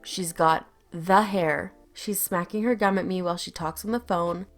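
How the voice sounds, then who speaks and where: A woman's voice: lowish voice, steady tone, normal speed, soft background music. A young adult woman reading an online story aloud with a wry, storytelling delivery. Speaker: story narrator.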